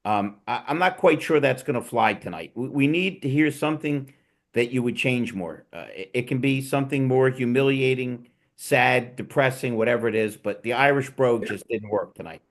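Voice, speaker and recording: A man's voice: mid-range voice, normal speed. A man hosting a casual panel chat, teasing his guests and telling digressive, joking stories. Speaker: host.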